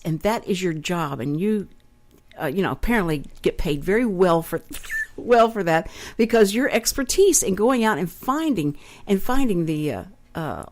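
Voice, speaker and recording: Bubbly Texan woman hosting radio chat. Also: on the low side. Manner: chatty, laughing, bubbly. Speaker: radio talk show host. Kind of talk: casual radio interview. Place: small radio studio. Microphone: headset mic.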